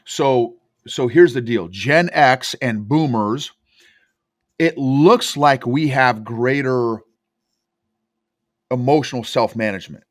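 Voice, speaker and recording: A man's voice: medium pitch, slow, long pauses, no room sound, clean studio sound. A man who coaches emotional intelligence, telling stories emphatically in a podcast interview. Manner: emphatic, animated storytelling.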